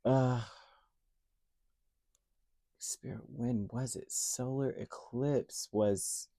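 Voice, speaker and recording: Male tarot reader, mellow and dark in tone, emotionally earnest, speaks directly to the listener, repeats key words. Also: mid-range voice, fairly even intonation, very slow. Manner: repeats key words, many fillers and restarts. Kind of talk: direct-to-camera tarot reading.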